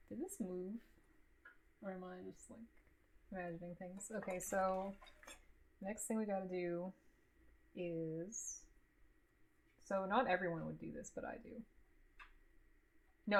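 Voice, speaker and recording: A woman's voice: mid-range voice, low-quality recording. A woman chats casually on a live stream as she cooks at home in her kitchen. She is blunt and cusses freely, breaking off to give her dog curt little orders. Faint ambient noise sits underneath her voice. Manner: blunt and profane, with clipped commands to her dog. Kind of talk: casual live-stream chat while cooking.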